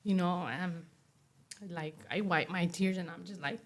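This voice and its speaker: Soft-spoken young woman telling her story. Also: on the low side, measured pace. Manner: soft-spoken, many fillers like "you know" and "like". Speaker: interview guest. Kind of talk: emotional personal testimony.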